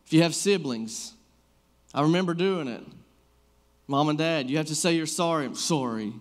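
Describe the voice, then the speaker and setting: A man in his thirties with a fairly high voice preaches a casual sermon at a normal speed. He tells personal stories loosely and conversationally, peppering them with fillers like "like."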